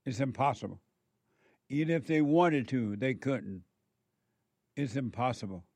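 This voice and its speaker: Slow, emphatic moralizing man. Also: medium pitch, a little mellow, slightly rough, no echo. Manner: slow, emphatic, repeats words for stress. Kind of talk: moralizing monologue.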